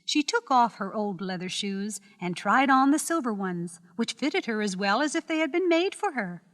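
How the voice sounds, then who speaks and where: Female storybook narrator, slightly high and animated, measured scripted reading. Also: in a large hall.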